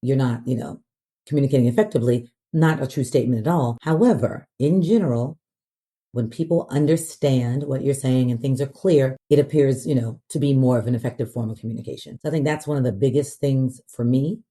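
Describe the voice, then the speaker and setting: Woman, podcast guest, from the US South, very mellow dark tone, confident clear talk, casual fillers. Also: very deep voice, brisk.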